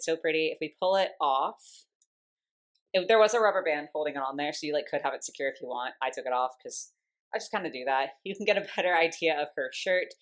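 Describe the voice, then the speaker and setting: Gushing, chatty young woman with a low voice. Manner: breaks off to coo at her cat. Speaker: doll collector reviewer. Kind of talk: casual unboxing review. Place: home.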